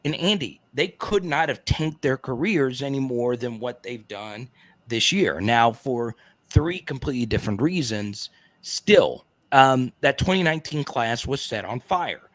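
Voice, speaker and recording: A man's voice: mid-range voice, lively intonation, unhurried, no room sound. A man chatting as a guest analyst on a live stream, emphatic, often tagging his points with "right?" and "okay?". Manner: emphatic, keeps checking in with 'right?' and 'okay?'. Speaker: guest card market analyst. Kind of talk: casual live-stream chat.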